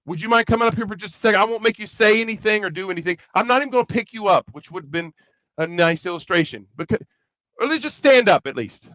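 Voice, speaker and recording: A man with a Kentucky accent preaches to young people in a high, bright voice, mixing jokes into the sermon. The sound is dry and close, with no room echo. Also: quick pace. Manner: chatty, joking, animated preaching. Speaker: youth rally speaker. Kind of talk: conversational sermon with comic asides.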